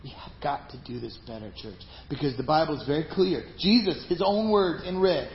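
A man preaching a sermon to his congregation, talking conversationally, with some passages loud and emphatic and others dropped to a hushed aside. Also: on the high side, expressive, normal speed, slight background noise. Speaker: pastor. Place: church sanctuary. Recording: roomy, slightly dull live church recording with faint ambience.

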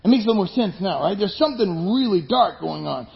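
Animated high-voiced male preacher. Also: fast, gravelly, muffled recording. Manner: animated, acts out voices of people in stories. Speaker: pastor. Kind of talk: sermon.

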